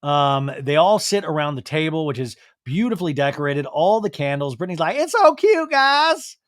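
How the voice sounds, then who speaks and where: A man hosting a podcast who recaps a reality show in a chatty, animated way and often mimics the people he quotes. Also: on the high side, a little fast, dry recording, clean studio sound. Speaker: podcast host.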